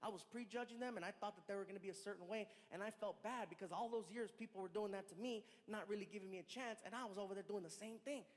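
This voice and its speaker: A man in his thirties telling a stand-up comedy story, animated and acting out the people in it. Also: high voice, fast talker, hardly any pauses. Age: 30s. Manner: animated, acts out other voices, shouts and laughs. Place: large performance hall. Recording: large hall with reverb, faint crowd noise.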